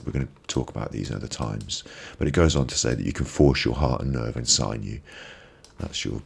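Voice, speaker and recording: A man's voice: rumbling low, brisk, creaky, husky. A man hosting a live stream, giving a reflective motivational talk on a binaural microphone and repeating phrases for emphasis. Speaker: ASMR live-stream host.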